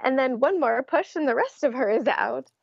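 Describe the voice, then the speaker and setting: A woman's voice: sits high, expressive, moderate pace, vocal fry, slightly rough, no room sound, dull audio. A young adult woman, an interview guest, telling her story in a casual way and laughing often. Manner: laughs often while recounting.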